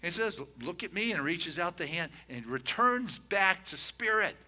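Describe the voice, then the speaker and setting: Bright-voiced man preaching a chatty sermon. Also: high-pitched, lively intonation. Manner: folksy storytelling with many "you know" asides; slows and rises on key points. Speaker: minister. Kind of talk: conversational sermon.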